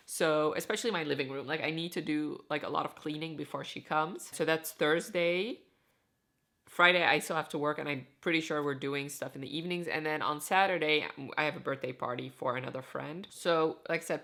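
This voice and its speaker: Bright-voiced chatty woman book vlogger. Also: deep voice. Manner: chatty, frequent "like" and "so" fillers. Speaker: book reviewer. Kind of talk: casual book vlog chat.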